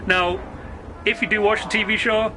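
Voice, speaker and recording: A man's voice: sits high, little pitch movement, normal speed, noisy background. A man streaming a game, ranting in a sarcastic, sweary, rambling way. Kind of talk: casual rant while gaming.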